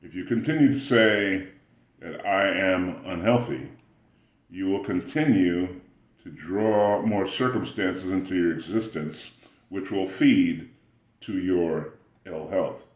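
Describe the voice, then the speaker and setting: Man, slow delivery, rambling motivational musings, throat-clearing, roomy echo. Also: deep voice. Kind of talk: spiritual motivational talk.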